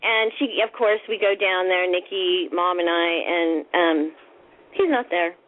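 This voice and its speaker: A woman guest on a radio show, telling a story in a casual, animated way over the phone. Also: measured pace. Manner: animated, acts out quoted voices in a higher pitch. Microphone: phone call. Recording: tinny phone line.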